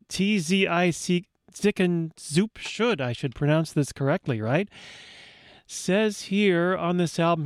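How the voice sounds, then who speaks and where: A man's voice: fairly high pitch, darkish tone, no echo, studio quality. Rambling radio host man. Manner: rambling, self-correcting. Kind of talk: casual radio chat. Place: radio studio.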